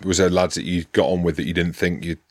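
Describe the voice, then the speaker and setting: A man's voice: low-pitched, fairly even intonation, quick pace. A man hosting a podcast interview, asking short probing questions and bantering bluntly. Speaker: podcast host. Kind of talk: casual interview chat.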